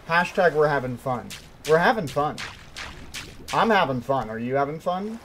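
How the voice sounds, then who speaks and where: A young man giving live commentary while playing a hard climbing game, excitable and swinging between quiet mutters and sudden yelps. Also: fairly high pitch, normal speed, a little hiss or hum. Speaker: gaming streamer.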